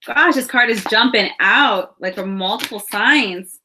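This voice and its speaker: Woman in her thirties, tarot reader, bright tone; chatty, reassuring delivery straight to camera. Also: fairly high pitch, unhurried, slight background noise. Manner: chatty, reassuring, laughs and sighs between thoughts. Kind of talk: casual spiritual reading.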